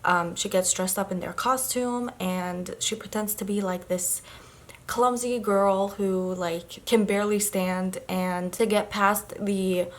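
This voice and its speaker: A woman's voice: medium pitch, fairly even intonation, takes it slowly. A young woman in a casual reading vlog, chattily rambling through a plot recap with lots of filler words. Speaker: book vlogger.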